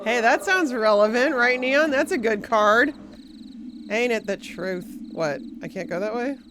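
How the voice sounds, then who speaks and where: A woman's voice: fairly high pitch, a little slow, noisy background. A woman live-streaming a puzzle game, chatting casually, swearing freely and thanking her viewers as she plays. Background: game music.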